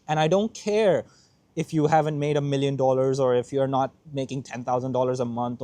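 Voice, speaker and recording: A man's voice: on the high side, warm tone, dry recording. Earnest young man, dry close voice. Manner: earnest, repeats himself for emphasis, close to tears at times. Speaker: host of a motivational podcast. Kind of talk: heartfelt motivational monologue.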